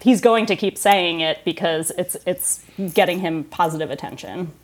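A woman hosting a podcast, chatting easily and backing up her guest. Her voice sits on the low side. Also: normal speed. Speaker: podcast host. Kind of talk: casual podcast chat.

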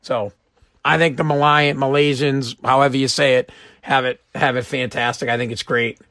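A man's voice: mid-range voice, fairly even intonation, normal speed, bright, forceful tone, no echo, clean studio sound. A man from Massachusetts hosting a live-streamed show, ranting in a blunt, joking way and swearing freely. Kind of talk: casual rant.

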